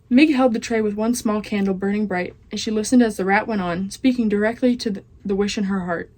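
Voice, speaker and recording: A teenage girl reads a children's novel aloud as a student reader. Her voice sits at a middle pitch, with steady read-aloud pacing. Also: fairly quick, hardly any pauses. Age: teens.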